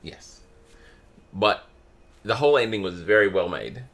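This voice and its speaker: A man with a very low, gravelly voice co-hosting a casual podcast. He tells stories with lively swings in pitch and laughs often. The talk stays loose and conversational. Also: unhurried. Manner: chatty storyteller, laughs often. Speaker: podcast co-host. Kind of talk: casual chat.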